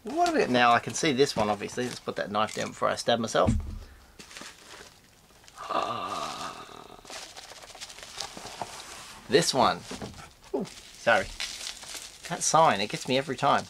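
Excitable stuffy-nosed Australian man. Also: a little slow, creaky, pauses often, background noise. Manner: excitable, with sudden high squeals of delight. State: nasal and stuffy from a flu. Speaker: host of a toy unboxing channel. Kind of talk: casual unboxing vlog.

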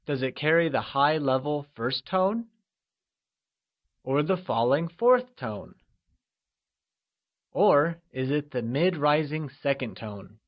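Slow, encouraging male language teacher. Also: on the high side, expressive, muffled recording. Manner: upbeat, encouraging, with slow, drawn-out modeled syllables. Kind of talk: scripted lesson narration.

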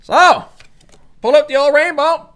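High, bright card opener. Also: measured pace. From Newfoundland, Canada. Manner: excitable, hyped-up, calls out each card. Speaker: YouTuber opening trading card packs. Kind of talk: casual pack-opening commentary.

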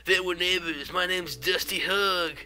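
Man doing a raised-pitch hearty biker guy, rough and loud, stuffy-nosed, bright sound. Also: steady tone, measured pace, exaggerated voice. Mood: cheery. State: stuffy nose from a cold. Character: rough, dirty adult male biker neighbor.

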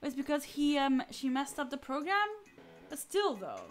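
A woman playing through a game, making relaxed, quietly sarcastic asides. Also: high voice, moderate pace, faint music behind. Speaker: gameplay streamer. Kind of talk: casual game commentary.

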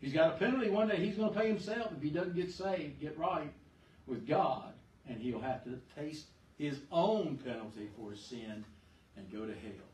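A male pastor preaching a sermon in a church, emphatic, swinging between loud and soft and asking the congregation questions. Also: on the high side, animated, normal speed, a little hiss or hum. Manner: emphatic, rises and drops sharply in volume, asks the congregation questions. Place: church sanctuary. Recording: echoey church room, far mic.

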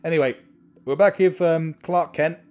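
Excitable man narrating horror gameplay. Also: a little high, moderate pace. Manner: excitable, mutters repeated counting under his breath. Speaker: gameplay commentator.

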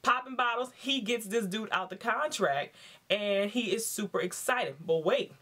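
A woman giving a casual, slangy episode recap, animated and laughing as she acts out what people said. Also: mid-range voice, unhurried. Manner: chatty, acts out quotes in raised voices. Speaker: TV show reviewer.

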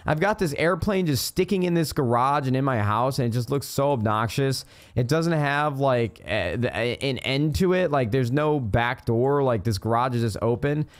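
A young man hosting a casual let's-play, chatty and excitable, swearing now and then, talking into a studio mic on a boom arm at his home gaming setup. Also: moderate pace. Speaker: gaming YouTuber host.

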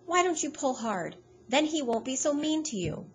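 This is a fussy, soft-hearted young woman, put on by a woman reading aloud. She pleads and exclaims in a pitched-up voice. It sits in a calm storybook narration. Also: normal speed. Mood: pleading.

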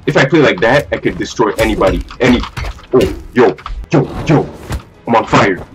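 A man's voice: on the low side, expressive, moderate pace. A young man giving live commentary while playing a ranked fighting game, swearing, trash-talking and repeating his phrases. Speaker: gamer. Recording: faint game music behind.

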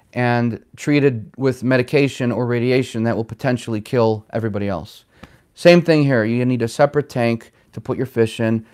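A man's voice: mid-range voice, a little mellow, clean tone. A man hosting a casual livestream, rambling and chatty as he reads out and answers viewer comments. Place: home in Chicago.

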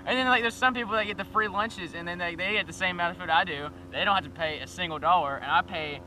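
Giggly high-voiced teenage boy. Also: fast talker, far from the mic, slight background noise, rough recording. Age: teens. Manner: giggly, stumbling, animated. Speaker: vlog co-host. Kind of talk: casual chat among friends. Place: outdoors in a park.

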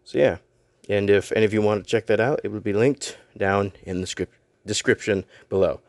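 Young male vlogger, low-pitched, dry close mic, rambling and self-deprecating. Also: fairly quick, no room sound. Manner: rambling, self-deprecating, stumbles over words. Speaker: YouTuber and voice actor. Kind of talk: casual announcement vlog.

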